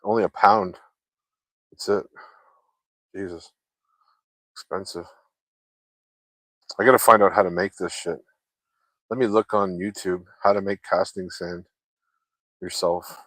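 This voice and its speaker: A man's voice: low voice, fairly even intonation, unhurried, pauses often, fairly bright tone, no room sound. A man chatting casually with viewers while he works, rambling from topic to topic and swearing freely. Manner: loose, chatty, swears freely, laughs often.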